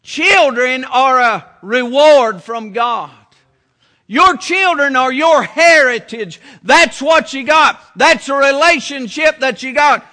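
High-pitched, bright-voiced preacher man. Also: slow. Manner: folksy, down-home preaching with repeated phrases. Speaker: pastor. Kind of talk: sermon.

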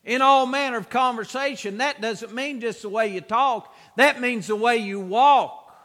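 A man preaching a sermon with emphatic, repeated exhortations that swell into shouts. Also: extremely high pitch, a little slow, big-room sound.

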